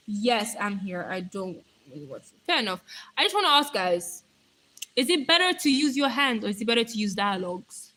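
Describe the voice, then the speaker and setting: A young woman rambles playfully to her live stream viewers, picking up their comments as she goes. Her voice is bright and fairly high, with a slight hoarseness from talking. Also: lively intonation, a little fast, low-quality recording. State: voice going hoarse.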